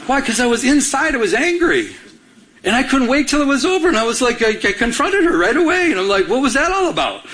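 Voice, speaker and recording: A man's voice: very high voice, big pitch swings, fast, a bit bright. A middle-aged man from Michigan, a pastor, preaching a sermon and telling a personal story, acting out his own quoted lines with animation.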